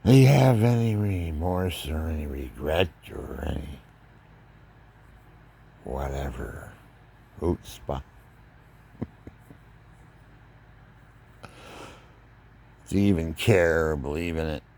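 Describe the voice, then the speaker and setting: An older man with a rumbling low, gravelly voice talks casually about faith and family, speaking extremely slowly with long pauses over slight background noise. His stories ramble and turn preachy, told with animation.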